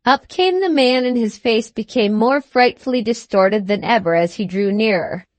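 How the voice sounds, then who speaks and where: A woman narrating a classic novel as an audiobook, measured and even. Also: fairly high pitch, dry recording.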